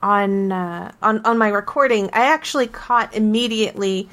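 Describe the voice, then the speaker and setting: A woman co-hosting a casual game podcast, telling her story with emphatic, animated restarts. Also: medium pitch, normal speed. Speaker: podcast co-host.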